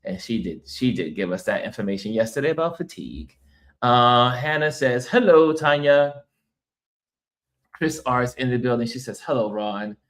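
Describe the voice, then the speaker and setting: Middle-aged American male host, travel-weary, loose chatty delivery, laughs a lot, mid pitch. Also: animated, a little fast, fairly bright tone. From United States. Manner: chatty, laughs often, reads viewer comments aloud. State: tired from travel and little sleep. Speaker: livestream host. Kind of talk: casual livestream chat.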